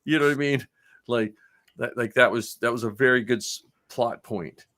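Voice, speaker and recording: A man with a bright, clear-edged voice chatting loosely on a fan podcast. He rambles and laughs easily, keeping the talk relaxed and friendly. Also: medium pitch, normal speed. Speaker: podcast co-host. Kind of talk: casual panel chat.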